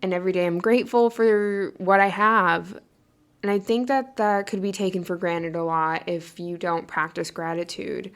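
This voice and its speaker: A woman's voice: on the low side, steady tone, normal speed. Young adult woman, podcast host, earnest and encouraging, casual and rambling. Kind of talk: casual motivational monologue.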